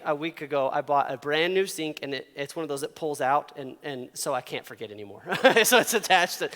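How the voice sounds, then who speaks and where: A man in his thirties gives a casual sermon, telling stories with frequent laughs and playful voices for the people in them. His voice sits high and comes through clear and smooth. A long reverb trails behind him as in a large hall. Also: fairly bright tone. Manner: chatty, laughs often, acts out quotes. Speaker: youth pastor.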